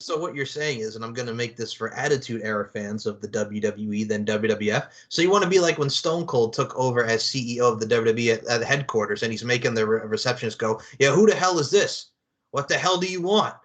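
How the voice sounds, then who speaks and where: Fast-talking slangy male podcast host. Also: medium pitch. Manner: slangy and excitable, peppered with "man" and "you know what I'm saying". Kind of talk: casual interview chat.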